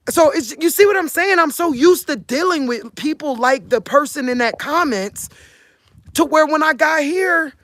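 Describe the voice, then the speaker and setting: Her voice sits high on a dry recording. She's a Cleveland, Ohio vlogger in her forties with a country Midwestern drawl, earnestly addressing viewers in a casual monologue and often checking "you get what I'm saying?"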